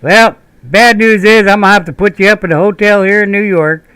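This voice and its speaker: A man voicing a blunt, profane Southern Army staff sergeant, pitched up and louder than his own voice. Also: brisk, clear, resonant tone, no room sound.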